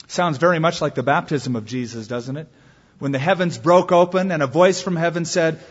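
A man delivers a sermon in a somewhat high, husky voice, pressing hard on key words and then sinking into quiet, low asides. The sound carries a long reverb from a large hall. The recording itself is dull and lo-fi. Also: brisk. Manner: earnest preaching with wide swings in pitch and volume. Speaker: pastor.

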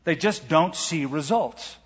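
A middle-aged man preaching a sermon as pastor, animated, asking rhetorical questions and reading scripture aloud. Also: on the high side, slow pace, slightly rough. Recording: lo-fi church recording with long hall reverb.

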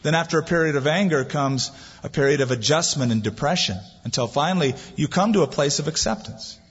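A man preaching a sermon, animated as he acts out the voices in the story. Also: a little high, a little fast, slightly rough. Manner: lively preaching, acting out quoted voices. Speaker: pastor. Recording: dull lo-fi sound, long hall reverb.

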